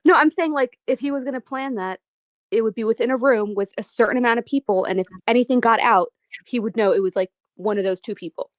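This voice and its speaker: A woman with a slightly high voice reasons through a point in a casual podcast chat, leaning on "like" as she goes. The sound is dry and close, with no room echo. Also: fast talker. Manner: reasoning aloud, frequent "like". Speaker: podcast co-host.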